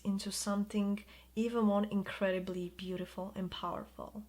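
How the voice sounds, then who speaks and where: A woman giving an intuitive tarot reading in a soft, soothing way, drawing out her words of reassurance. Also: medium pitch, little pitch movement, normal speed, hardly any pauses. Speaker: tarot reader.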